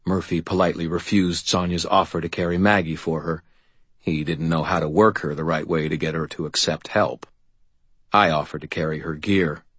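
Man, audiobook narration, very low voice, husky, dry close sound. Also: steady tone, brisk, a bit bright, no echo. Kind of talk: scripted first-person narration.

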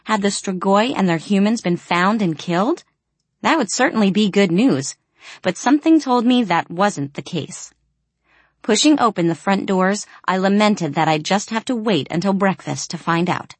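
A woman narrating a first-person audiobook in an expressive, storytelling way. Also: medium pitch, normal speed, slightly rough, dry recording.

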